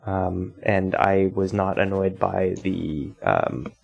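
A man with a very low voice taking part in a relaxed panel discussion. He speaks steadily and sounds upbeat. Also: slow, gravelly, dull audio. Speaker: podcast panelist. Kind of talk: casual discussion.

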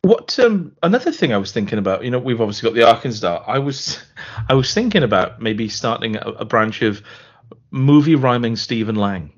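A man chats on a podcast in a playful, joking way, often restarting his sentences. His voice sits at an everyday pitch. The recording sounds a little dull and lo-fi. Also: lively intonation, brisk. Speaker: podcast co-host. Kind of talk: casual chat.

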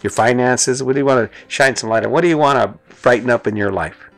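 Gravelly middle-aged man giving earnest advice. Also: medium pitch, a little fast, no echo, faint music behind. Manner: earnest and conversational, repeats phrases for emphasis. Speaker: host. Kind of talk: motivational talk.

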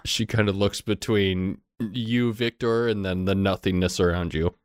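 A man's voice: low voice, steady tone, a little slow, clean tone. A man as dungeon master, narrating a tabletop game in a loose, descriptive way. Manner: descriptive, loose, with fillers like "kind of".

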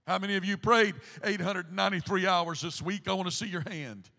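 Middle-aged male pastor, high bright voice, shouting sermon in a reverberant church hall. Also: brisk, vocal fry. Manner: preaching with rising, shouted emphasis and repetition. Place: church sanctuary.

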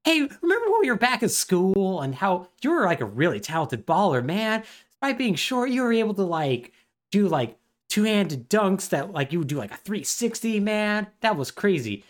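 A man voicing Freak, a young male basketball star who is boastful and petty, in a higher, excited buddy tone. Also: moderate pace. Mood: gushing.

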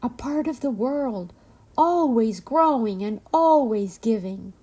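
A woman voicing a gentle willow tree in a storybook reading, murmuring softly. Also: a little high, expressive, slow, slightly rough, voice pushed up, full character voice. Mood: tender. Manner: soft and murmuring.

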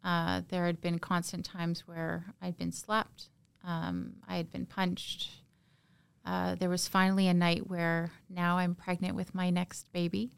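A woman from Canada, a podcast guest, recounting a personal story in a halting, emotional, soft-spoken way. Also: fairly low pitch, monotone, vocal fry, clear, resonant tone, no room sound.

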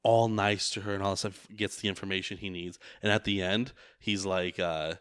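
A man's voice: low-pitched, steady tone, moderate pace, a bit bright, smooth, no echo. A man in casual chat who tells long rambling stories and swears a lot. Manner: rambling storyteller, heavy swearing.

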